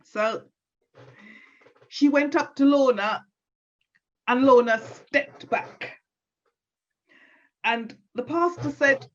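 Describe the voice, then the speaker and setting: Lively woman telling a folk tale. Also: mid-range voice. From Caribbean. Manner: expressive, drawn-out storytelling. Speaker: storyteller. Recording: dull lo-fi recording.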